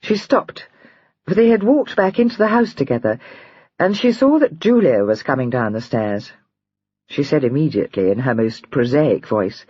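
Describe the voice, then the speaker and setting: A woman narrating a historical romance audiobook in a measured, expressive storytelling manner. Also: a bass voice, slightly rough, dry recording. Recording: dry, slightly dull recording.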